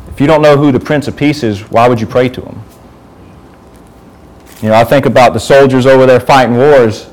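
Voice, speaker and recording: A man's voice: mid-range voice, a little mellow, rough recording. A man giving an informal sermon to a youth group, talking conversationally and asking the group questions.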